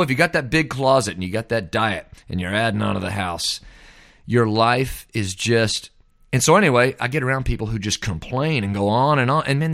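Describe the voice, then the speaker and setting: A man's voice: medium pitch, fairly bright tone, no room sound, clean studio sound. A man hosting a podcast, rambling in a folksy, casual way, often tossing in "man". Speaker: podcast host. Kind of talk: casual monologue.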